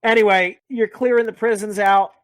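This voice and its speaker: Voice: mid-range voice, steady tone, normal speed, no echo. A speaker casually recapping a video game's story, rambling, joking and swearing a lot. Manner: profane, rambling, jokey. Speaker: podcast host.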